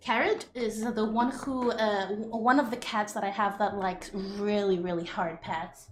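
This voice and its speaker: High-voiced young woman gushing over her cats. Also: steady tone, measured pace, darkish tone, faint music behind. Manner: giggly, gushing baby talk to pets. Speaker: streamer. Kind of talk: casual live-stream chat with her cats. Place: home.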